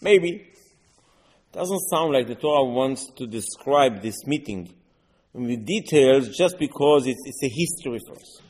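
Animated man teaching Torah, echoing hall. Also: medium pitch. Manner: animated, rhetorical questions, quotes verses in Hebrew. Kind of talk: Torah class in English.

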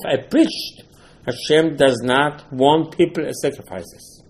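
A rabbi gives an impassioned Torah lecture in broken English, animatedly acting out the dialogue as he goes. His voice is on the high side and he speaks slowly. The recording is low quality.

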